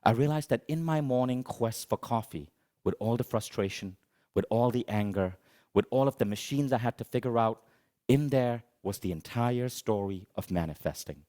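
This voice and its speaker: A middle-aged man giving a motivational talk on stage, telling a comic story in an animated, dramatic, self-mocking way. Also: fairly low pitch, moderate pace. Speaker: motivational speaker.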